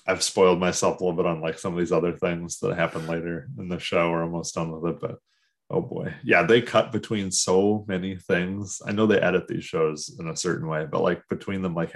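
A man co-hosting a podcast, telling a rambling, animated story in casual chat and acting out the people he quotes. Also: low-pitched. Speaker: podcast co-host.

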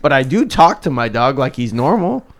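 A man chatting as a podcast guest, easygoing and quick to laugh, swearing casually. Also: medium pitch, very animated.

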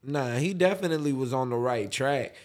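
A man with an American accent co-hosts a podcast, talking in a relaxed, slangy way. He recounts stories at an easy pace and sometimes stretches his words out slowly. His pitch stays at an everyday middle level. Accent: American English. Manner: relaxed slangy storytelling, drawls slowly at times. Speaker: podcast co-host. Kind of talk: casual chat.

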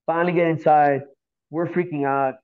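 A man from Miami, a podcast guest, telling a story in an animated, profane, slang-filled way. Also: fairly high pitch, normal speed, smooth. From Miami, Florida. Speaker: podcast guest, graffiti artist. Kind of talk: casual storytelling. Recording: tinny phone-like audio.

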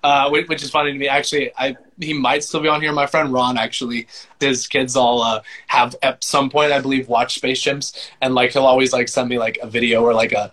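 A man being interviewed in a relaxed, self-deprecating way, full of filler words. His pitch sits in an ordinary middle range. He speaks as a voice actor and musician chatting casually. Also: fairly quick. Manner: laid-back, self-deprecating, many "like" fillers.

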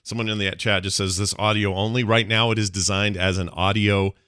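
Deep bright-voiced man hosting a stream. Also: fairly quick, clear, resonant tone, no room sound, clean studio sound. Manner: relaxed and chatty, laughs easily. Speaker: show host. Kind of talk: casual live-stream chat.

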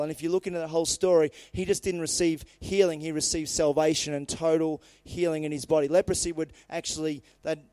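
A man preaching a sermon, retelling scripture stories in lively, casual everyday words. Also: fairly high pitch, a little fast, hardly any pauses, clear, resonant tone, no echo.

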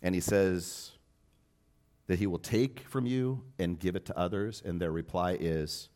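A man preaching a sermon as pastor, telling a personal story and rising from hushed, tender moments to loud, impassioned appeals. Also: low voice, unhurried.

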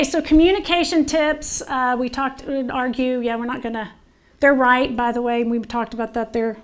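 A woman with a Southern US accent leads a caregiving workshop in a slightly high voice. She speaks earnestly and conversationally, often stopping to restart a phrase. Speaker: dementia care educator. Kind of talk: presentation to an audience.

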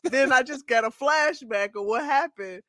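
A woman's voice: high voice, moderate pace, no room sound, studio quality. Laughing woman co-hosting a podcast. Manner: laughs often, relaxed, many fillers. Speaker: podcast co-host. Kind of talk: casual chat.

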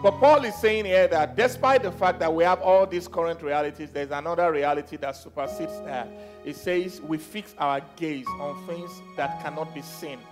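A man preaching a sermon as pastor, repeating phrases, leading the congregation in declarations and swinging from soft teaching to loud exhortation. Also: fairly high pitch, moderate pace, music in the background. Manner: repeats phrases and leads call-and-response declarations.

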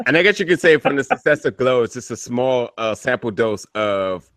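A man's voice: medium pitch, expressive, normal speed, fairly bright tone, dry recording. A man co-hosting a casual wrestling podcast, hesitant with many fillers, then heated rants. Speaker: podcast co-host.

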